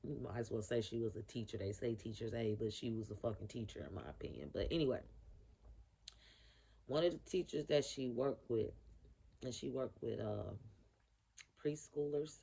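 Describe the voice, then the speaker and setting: A woman's voice: very deep voice, normal speed, gravelly, long pauses, mellow, slightly rough. A woman giving a casual spiritual reading to camera in a blunt, profane, emphatic way, repeating her key phrases. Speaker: spiritual reader.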